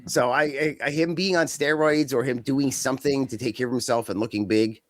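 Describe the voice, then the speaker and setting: A man co-hosting a casual wrestling podcast, rambling and joking, slipping into quick silly voices. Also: mid-range voice, fairly even intonation, no echo, clean studio sound. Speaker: podcast co-host.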